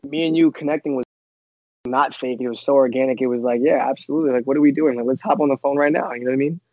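A man's voice: mid-range voice, steady tone, no echo. Humble actor guy, says thanks a lot, lots of um and you know, kinda muffled dry audio. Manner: humble, grateful, halting with many fillers. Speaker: actor guest. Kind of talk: casual interview. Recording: dull, dry remote audio.

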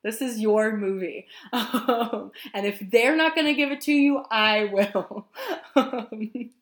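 Chatty young woman podcast host, high-pitched. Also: slow pace. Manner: chatty, laughs often, rambling rants. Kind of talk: casual movie podcast chat.

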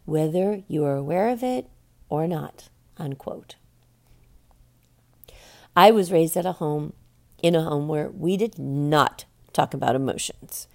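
A woman with a gravelly, low voice and a mellow, dark tone hosts a reflective personal talk. She is middle-aged and speaks candidly, with a wry, blunt edge. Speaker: podcast host.

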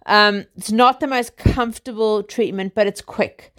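A woman's voice: medium pitch, measured pace, a bit bright. A South African woman in her thirties, chatting casually to her viewers in a rambling way, full of "you know" and "like". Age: 30s. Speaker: vlogger. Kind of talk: casual chat to camera.

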